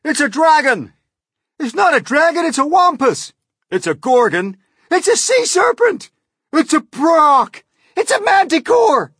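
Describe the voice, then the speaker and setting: A man voicing a crowd of panicked policemen yelling in a storybook reading. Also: big pitch swings, unhurried, dry recording, clean studio sound, full character voice. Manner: frantic high-pitched yelling.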